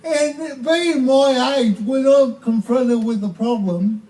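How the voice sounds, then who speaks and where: An Australian man performing live stand-up comedy at an outdoor concert, with slow, deliberate delivery that breaks into shouted punchlines. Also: very high-pitched. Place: outdoor protest concert stage. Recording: distant live concert mic with crowd laughter.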